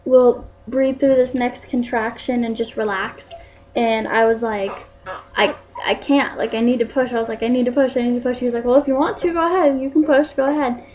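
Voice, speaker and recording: A woman's voice: fairly high pitch, fairly even intonation, quick pace, a little mellow, faint music behind, poor audio. A young woman vlogging casually to camera, rambling with many fillers like "like" and "um". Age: young adult.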